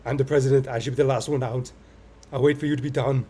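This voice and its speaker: A man voicing a cheerful, self-assured teenage schoolgirl who leads a club, speaking in a friendly, smooth way. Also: medium pitch, fairly even intonation, fast talker, dark tone, natural voice. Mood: calm.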